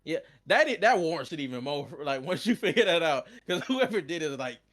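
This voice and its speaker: A man's voice: on the high side, very animated, a little fast, fairly bright tone. A man co-hosting a gaming podcast, talking loosely with lots of fillers and easy laughter. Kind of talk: casual chat.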